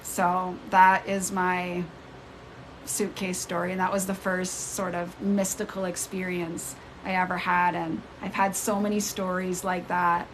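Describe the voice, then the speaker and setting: A woman telling a personal story on a casual live stream. She retells it in an animated way and jumps up in pitch when she acts out the people in it. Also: unhurried, a little hiss or hum, rough recording. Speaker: spiritual storyteller. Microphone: phone mic on a live stream.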